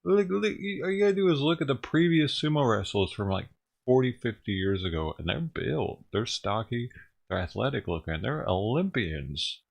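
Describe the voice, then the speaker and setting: A man's voice: medium pitch, expressive, moderate pace, gravelly. A man ranting on his own livestream, talking casually and profanely, rambling and chuckling as he goes. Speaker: livestream streamer.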